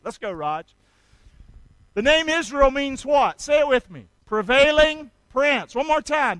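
A man preaching a sermon, drawing call-and-response from the congregation and swinging between loud exhortation and quiet asides. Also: very high-pitched, clear, resonant tone, no room sound, low-quality recording. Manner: call-and-response, urging the congregation to repeat after him. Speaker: pastor.

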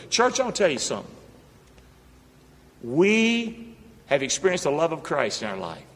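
Pastor, male, high and animated, preaching call-and-response in a reverberant sanctuary. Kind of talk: sermon. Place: church sanctuary.

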